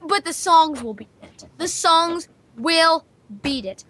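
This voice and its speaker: Bubbly high-voiced woman, excited host. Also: slow. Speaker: host and singer. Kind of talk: casual chat on an internet radio show.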